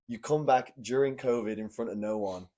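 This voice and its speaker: A man's voice: medium pitch, moderate pace, dark tone. A man hosting a casual podcast chat in a hotel room, prompting his guest with eager questions. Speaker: podcast host, wrestler.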